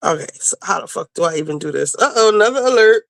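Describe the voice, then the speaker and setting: A woman hosting a casual livestream, chatting to viewers and getting loud and teary with excitement over new supporters. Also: on the low side, quick pace, creaky, hardly any pauses, dry recording. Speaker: livestream host.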